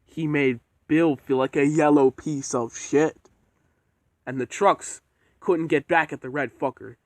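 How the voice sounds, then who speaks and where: A man's voice: on the high side, steady tone, measured pace, a little mellow, dry recording. A man casually narrating a homemade train story, rambling and swearing as he goes. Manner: rambling and profane.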